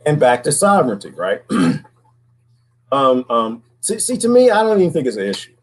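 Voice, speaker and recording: A man's voice: mid-range voice, wildly swooping pitch, moderate pace, low-quality recording. A man talking alone in a casual, preachy monologue, often asking "right?" and repeating words. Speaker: commentary host.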